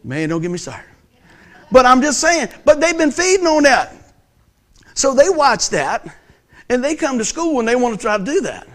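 High-voiced joking preacher man. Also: normal speed, long pauses. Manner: animated, joking storyteller who acts out voices. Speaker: pastor. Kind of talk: sermon.

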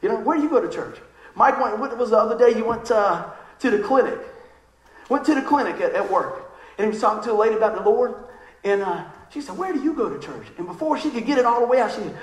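A man preaches in a high voice, chatty and lively, acting out the people he quotes. His sermon rings through an echoey church room. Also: fast. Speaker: pastor. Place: church sanctuary.

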